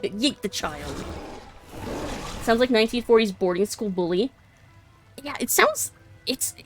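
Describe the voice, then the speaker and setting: A young woman streaming a video game, chatting casually and giggling often as she rambles and corrects herself. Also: on the high side. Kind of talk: casual gaming commentary.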